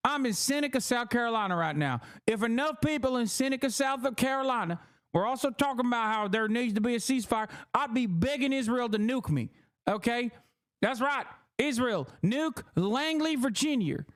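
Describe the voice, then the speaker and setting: A man's voice: very high voice, fairly bright tone, pitched above the performer's own voice. A man putting on a Southern US accent to mock an older, blustering, hawkish senator. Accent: Southern US, put on. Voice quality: bombastic, mocking.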